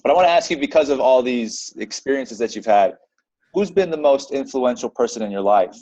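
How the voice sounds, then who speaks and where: A man hosting a podcast interview who affirms his guest warmly and speaks directly to his listeners. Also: medium pitch, lively intonation, brisk, dry recording, muffled recording. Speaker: podcast host.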